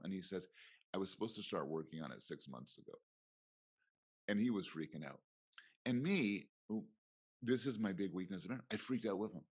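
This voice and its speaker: Low husky middle-aged man. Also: expressive, normal speed, pauses often. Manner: reflective, acts out quoted voices. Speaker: guest professor. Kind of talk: conference interview.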